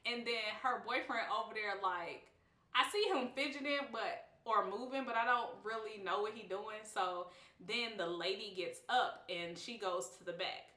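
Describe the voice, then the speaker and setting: A woman's voice: mid-range voice, moderate pace. A young woman vlogger telling a casual storytime, blunt and slangy, laughing often and acting out what people said. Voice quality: animated, expressive, lively quoting of others. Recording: roomy, slightly distant mic.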